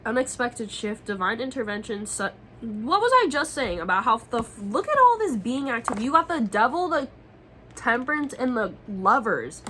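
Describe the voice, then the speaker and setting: Young woman tarot reader, bright voice, brash slangy delivery, faint room noise. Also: fairly high pitch, very animated, moderate pace, low-quality recording. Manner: profane, slangy and emphatic. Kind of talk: casual tarot reading to camera.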